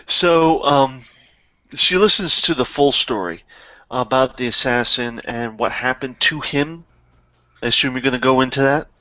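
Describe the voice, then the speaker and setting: Bright-voiced male game master. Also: mid-range voice, a little slow, no echo, highs cut off. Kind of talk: narrating a tabletop game.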